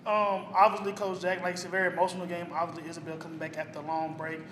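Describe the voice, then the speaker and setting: A man reporter fires off his question to the coach in a high, rapid voice, chatty in tone. The room is echoey. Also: little pitch movement, a crowd in the background.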